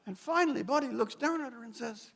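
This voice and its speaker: High-voiced man in echoing hall. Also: fast, vocal fry, fairly bright tone. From Newfoundland, Canada. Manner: wry, dramatic storytelling with rhetorical flourishes. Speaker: guest speaker. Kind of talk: after-dinner speech. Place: gala banquet hall. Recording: long reverb of a large hall.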